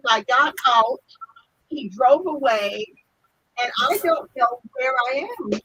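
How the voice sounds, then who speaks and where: A woman's voice: a little high, lively intonation, slow, bright, forceful tone, slight background noise, poor audio. An older woman telling a story in a casual chat, laughing often and acting out other people's lines, heard over a video call. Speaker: guest.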